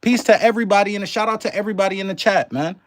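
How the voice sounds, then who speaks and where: Dude streaming live w a half new orleans half canadian accent, kinda high voice, cussing casually n chatting w viewers. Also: male voice, rapid-fire. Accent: mix of New Orleans and Canadian. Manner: loose and chatty, swears freely, greets chat viewers by name. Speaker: livestream host.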